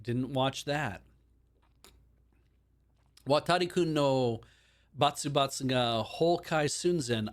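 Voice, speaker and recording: Guy hosting a stream, rambly and animated, mid-pitched voice, acts out little quotes. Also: takes it slowly, long pauses. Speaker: stream host. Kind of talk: casual live-stream chat.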